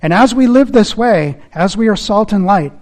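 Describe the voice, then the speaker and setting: High-voiced earnest male preacher. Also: animated, normal speed, darkish tone. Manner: earnest, emphatic preaching that repeats key phrases. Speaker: pastor. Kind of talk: sermon with closing prayer.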